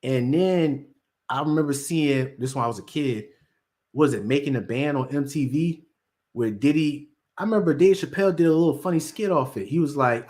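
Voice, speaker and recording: A man's voice: fairly high pitch, moderate pace, a little mellow. A man hosting casual commentary, rambling in slang and acting out quotes from the people he talks about. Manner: slangy, rambling storyteller who acts out quotes. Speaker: commentary host.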